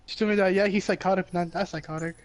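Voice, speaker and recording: Brief: young guy game streamer, high-pitched, crude, rambling banter. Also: steady tone, very fast. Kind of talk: casual chat while gaming.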